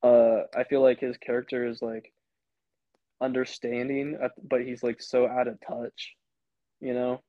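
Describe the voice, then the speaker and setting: A man's voice: mid-range voice, flat delivery, measured pace, no room sound, dull audio. A young man co-hosting a podcast, chatting casually and rambling as he retells scenes. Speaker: podcast co-host. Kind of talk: casual chat.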